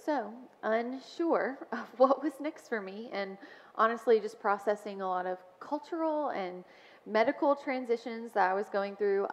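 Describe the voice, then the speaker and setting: Woman sharing a testimony in a church hall. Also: mid-range voice. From Mobile, Alabama. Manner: warm storytelling with frequent ums and soft laughs. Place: church sanctuary. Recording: dull sound with long church reverb.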